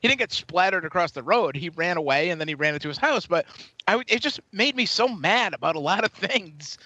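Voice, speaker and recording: A man's voice: high-pitched, lively intonation, a little fast, pushed and bright, no echo, muffled recording. A tipsy man co-hosting a podcast, telling a profane, ranting story in casual chat. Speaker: podcast co-host.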